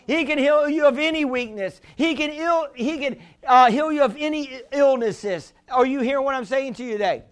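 A man preaching a sermon as pastor, repeating himself, chuckling through anecdotes and building to shouts. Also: extremely high pitch, moderate pace, hardly any pauses. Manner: repetitive, rising to shouts at the congregation; conversational, tells anecdotes with chuckles.

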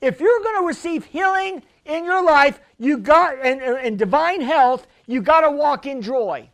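High-voiced man preaching fervently. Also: lively intonation, unhurried. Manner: fervent, often shouting, call-and-response with the congregation. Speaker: pastor. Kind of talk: preaching a healing sermon.

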